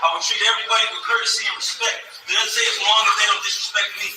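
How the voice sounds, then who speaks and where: A man's voice: high voice, completely flat delivery, racing, noisy background. A man giving an emphatic street speech to a crowd, repeating phrases as he builds his points. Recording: echoey, distant, music underneath.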